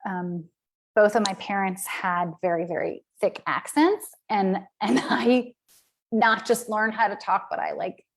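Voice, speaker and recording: A woman's voice: medium pitch, fairly even intonation, measured pace, a little hiss or hum. A woman from the American South, a business coach speaking in a casual live-stream talk, candid and chatty with many "right?"s and "um"s.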